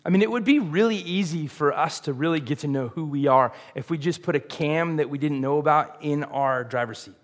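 A man's voice: on the high side, brisk, hardly any pauses. A middle-aged man, preaching a sermon in a casual, conversational way and putting questions to the congregation. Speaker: pastor.

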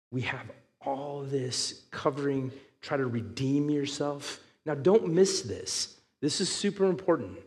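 A man preaching a sermon, reading scripture aloud and building to loud, emphatic passages. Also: fairly high pitch, long reverb tail. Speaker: pastor.

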